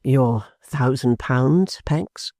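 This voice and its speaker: Guy doing a serious slow gentleman, low and measured, warm dry voice. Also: no room sound. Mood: grave.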